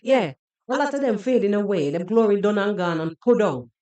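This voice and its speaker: A woman's voice: mid-range voice, lively intonation, brisk, dark tone. A Jamaican woman hosting a podcast, giving sarcastic, scolding reaction commentary on a video and slipping into patois. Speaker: podcast host.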